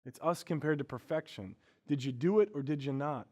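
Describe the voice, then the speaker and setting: A male pastor giving a conversational sermon, swinging between hushed, quiet moments and emphatic, raised passages. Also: on the high side, fairly quick.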